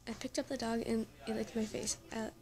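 A woman's voice: a little high, level tone, fairly quick, a little mellow. Woman stumbling through reading a story. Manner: stumbling reading with frequent self-corrections; breaks off into laughing, exasperated asides. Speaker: story reader. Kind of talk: reading a fan story aloud with reactions.

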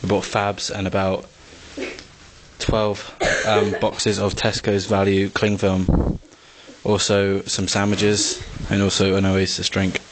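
Young man, tired, monotone, lowish voice, noisy home video. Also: slow pace. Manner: flat and monotone, dry. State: tired from no sleep. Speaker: person filming friends. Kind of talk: casual commentary while filming.

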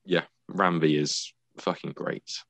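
Tired british guy cohosting a comics podcast, very low voice, dry close mic, deadpan teasing. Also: takes it slowly, gravelly, dry recording. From United Kingdom. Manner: dry, matter-of-fact, teasing. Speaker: podcast co-host. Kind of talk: casual chat.

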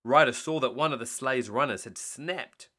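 A man reading a bedtime story aloud in an animated way. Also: mid-range voice, normal speed.

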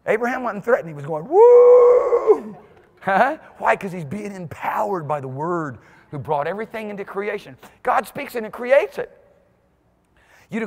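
A male pastor preaching a sermon in a church, swinging from quiet asides to whoops and shouts. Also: fairly high pitch. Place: church sanctuary. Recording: long hall reverb in a church.

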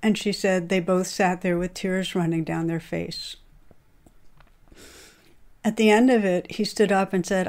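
A woman hosting a podcast, telling a long story in an earnest, steady way and quoting the people in it. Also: fairly low pitch, normal speed. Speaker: podcast host. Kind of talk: retelling a story in a talk.

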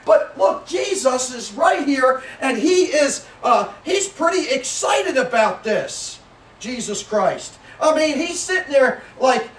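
A male pastor preaching with a high-pitched voice, folksy and animated, often rising to a shout. He sounds a bit far from the mic. The church room around him is echoey. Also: slow pace. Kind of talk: sermon. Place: church sanctuary.

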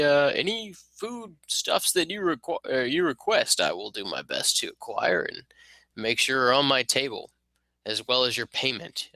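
A man's voice: on the low side, pushed and bright, dry recording, exaggerated voice, low-quality recording. A man voicing a courteous, formal male town lord who speaks politely and hesitantly, with many fillers.

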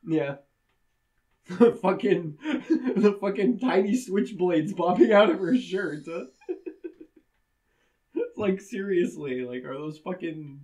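A man's voice: high voice, expressive, slow, pauses often, dark tone. A man co-hosting a podcast, chatting casually and crudely about a horror movie, laughing often. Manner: crude, laughs often, does goofy voices. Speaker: podcast co-host. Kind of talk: casual movie-review banter.

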